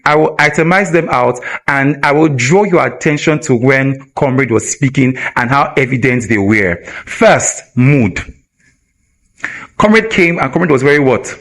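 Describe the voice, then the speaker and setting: A man with a Nigerian English accent teaching communication skills at a live event, energetic and constantly asking the audience rhetorical questions. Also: fairly high pitch, a little slow. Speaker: communication trainer.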